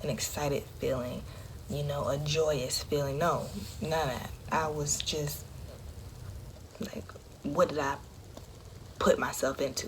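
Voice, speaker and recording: Young woman vlogging, low voice, aave, candid and hushed a lot, faint room hum. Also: fairly even intonation, slow, pauses often. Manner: candid, conversational, drops into a hush often. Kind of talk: personal storytelling to camera.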